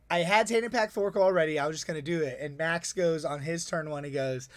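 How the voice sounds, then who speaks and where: A man with a slightly raised speaking voice chats through a casual breakdown of his tournament games. He's excitable and rambling, tossing in quick asides. The sound is close and dry, with no room echo. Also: fairly high pitch. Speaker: tournament organizer and player.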